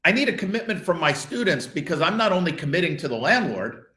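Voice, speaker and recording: A man's voice: fairly high pitch, very animated, quick pace, sharp tone. Emphatic man coaching in an echoey room. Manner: emphatic, persuasive, acts out parent conversations. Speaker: show co-host, martial arts business coach. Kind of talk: coaching talk with sales role-play.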